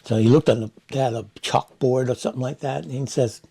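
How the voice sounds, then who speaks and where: A man's voice: medium pitch, steady tone, quick pace, vocal fry, warm tone, breathy edge. A man in his seventies from San Francisco, telling war stories in a rambling, casual interview full of restarts. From San Francisco, United States. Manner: rambling, many restarts and "you know". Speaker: Vietnam veteran interviewee.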